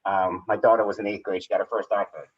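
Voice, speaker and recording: A man's voice: low voice, level tone, fast. A man presenting at a seminar, telling personal stories in a conversational way, full of restarts and "you know". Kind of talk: casual anecdotal storytelling. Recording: distant, dull lo-fi recording.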